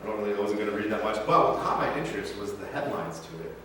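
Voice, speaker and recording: Animated and rapid-fire, a thirtysomething pastor pushes his lowish voice into a bright, strained register while telling sermon stories full of tangents. The distant mic captures a very echoey sanctuary along with some hiss.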